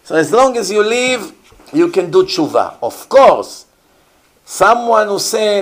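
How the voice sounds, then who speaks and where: A man's voice: sits high, very animated, unhurried. A man teaching as a rabbi in an earnest, emphatic sermon, often repeating rhetorical questions.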